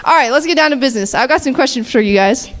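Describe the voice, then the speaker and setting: A woman's voice: high-pitched, expressive, racing. Teasing woman hosting a chapel panel. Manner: teasing, jokey, laughs often. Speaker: panel host at a chapel service. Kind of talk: playful interview questions. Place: campus chapel gathering. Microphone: handheld mic shared with guests.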